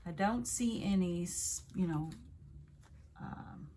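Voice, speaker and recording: A woman's voice: fairly low pitch, slow, dark tone, slight background noise. A woman with a Southern accent, chatting and rambling casually as she unboxes and shows off a craft kit. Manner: chatty, rambling, self-correcting. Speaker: craft video host.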